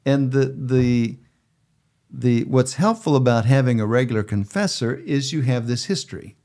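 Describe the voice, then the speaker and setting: A man with an ordinary mid-range voice talks in a calm, measured way. He pauses often and fills gaps with a soft "uh", like a churchman in easy conversation on a podcast. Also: medium pitch. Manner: measured, gentle, with frequent filler uh. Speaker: bishop and podcast host.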